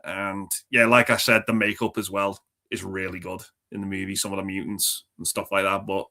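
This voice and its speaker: A man's voice: sits low, level tone, normal speed, bright, forceful tone. A man co-hosting a casual movie podcast, talking enthusiastically and rambling, with frequent swearing. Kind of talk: casual film chat.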